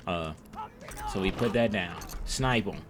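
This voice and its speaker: Young male gamer, lowish voice, loose profane play-by-play, noisy room. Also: measured pace. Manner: slangy, profane, self-mocking storytelling. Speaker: gameplay commentator. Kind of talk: casual gameplay commentary.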